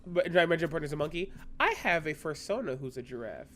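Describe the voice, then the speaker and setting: A woman co-hosting a podcast, chatting casually in an animated, joking way and swearing freely. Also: deep voice, a little fast, slight background noise. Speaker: podcast co-host. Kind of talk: casual chat. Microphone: podcast microphone.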